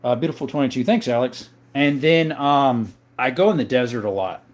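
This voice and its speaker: A man from southern Arizona hosting a livestream, reading viewer questions aloud and answering them in a relaxed, chatty way. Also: medium pitch, normal speed. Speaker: livestream host answering chat. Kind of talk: casual live-chat talk.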